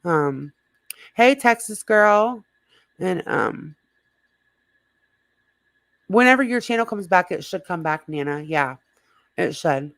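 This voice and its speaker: A slightly hoarse woman hosting a casual livestream, rambling and greeting viewers in the chat by name. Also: lowish voice, lively intonation, slow, pauses often, fairly bright tone, no echo. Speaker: livestream host.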